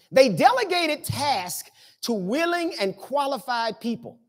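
A male pastor preaches a sermon in a church sanctuary with an extremely high, sing-song voice at a slow pace. His style is talky and colloquial, packed with rhetorical questions.

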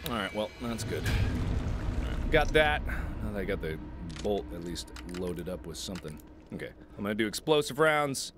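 A man in his twenties playing a game and chatting jokily with his viewers in an excitable way. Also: fairly low pitch, moderate pace, noisy background. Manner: excitable, jokey, talks to viewers. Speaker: gaming host. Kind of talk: let's play commentary.

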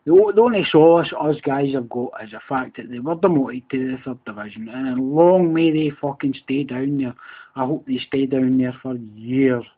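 A man's voice: mid-range voice, moderate pace. A Scottish man with a Glasgow accent, a bit drunk after a few beers, ranting on his podcast in a heated, sweary, repetitive way. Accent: Scottish, Glaswegian. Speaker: podcast host. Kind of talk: angry solo rant. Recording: tinny phone-quality recording.

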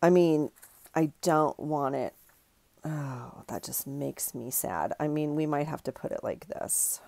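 Low gravelly lady rambling and giggling over her craft project, dry close sound. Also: slow pace, warm tone, no room sound. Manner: chatty, rambling, self-correcting, giggly. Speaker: craft channel host. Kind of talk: casual chat while crafting.

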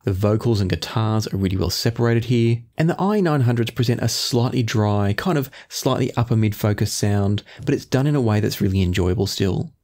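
A man reviewing earphones in measured talk, often qualifying his claims. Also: fairly low pitch, a little mellow. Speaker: audio gear reviewer.

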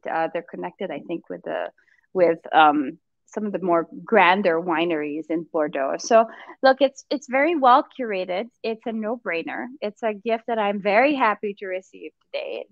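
A woman's voice: mid-range voice, dry recording, muffled recording. A woman chatting casually and enthusiastically about food and a holiday gift hamper. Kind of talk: casual video-call chat.

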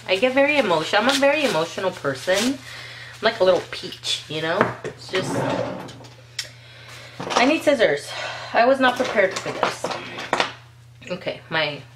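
A woman vlogger chatting casually as she unboxes nail polish, gushing and excitable, talking straight to her viewers. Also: lowish voice, moderate pace, pauses often, heavy background noise.

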